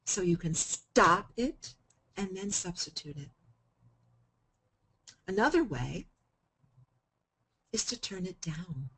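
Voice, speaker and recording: A woman giving a coaching self-help talk to a group, switching between calm explanation and sudden loud, playful emphasis. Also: on the low side, slow pace, long pauses, breathy edge, rough recording.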